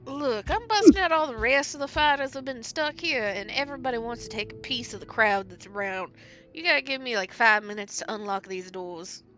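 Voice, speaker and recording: A woman player speaking in character in a tabletop game, brisk and joking. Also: on the high side, expressive, a bit bright, lo-fi sound, soft background music. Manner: brisk, joking, laughs easily.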